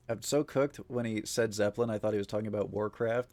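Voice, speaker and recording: A man's voice: fairly low pitch, steady tone, a little fast, a little mellow. A man streaming live, chatting casually with viewers in a rambling way, full of fillers, frequent swearing and easy laughs. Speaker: livestreamer.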